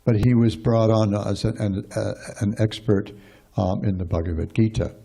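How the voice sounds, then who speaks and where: A man's voice: on the low side, moderate pace, creaky, mellow. A man giving a scripture class in a rambling, conversational way, with many fillers and restarts.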